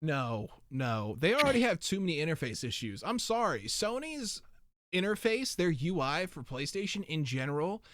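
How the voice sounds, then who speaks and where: A man's voice: on the high side, very animated, normal speed, fairly bright tone, dry recording. A man hosting a casual podcast chat, rambling animatedly through tangents in a soundproofed home studio. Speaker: podcast host.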